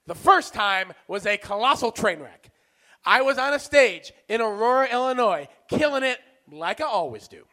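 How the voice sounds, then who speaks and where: A man performing self-mocking stand-up comedy, with abrupt shouted punchlines. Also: high-pitched, animated, moderate pace.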